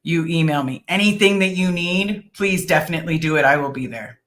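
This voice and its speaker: Bright-voiced woman hosting a livestream. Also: deep voice, fairly quick. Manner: earnest and thankful, reads comments aloud with many ums. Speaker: livestream host. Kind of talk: casual live chat reading viewer comments.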